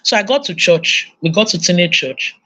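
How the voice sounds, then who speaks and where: A woman's voice: on the low side, moderate pace. A woman with a Nigerian English accent giving a sermon-style parenting talk at a conference, telling stories and acting out voices. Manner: animated storytelling, acting out voices. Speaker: conference speaker.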